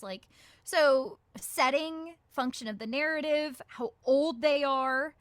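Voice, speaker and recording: A woman voice actress talks through her craft in a relaxed interview, with lots of "like" and "um" fillers and little acted-out quotes of her own thoughts. Her voice is bright and fairly high, and it sounds dry and close, with no room around it. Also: measured pace, dry recording. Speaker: guest voice actress. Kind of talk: casual interview answers.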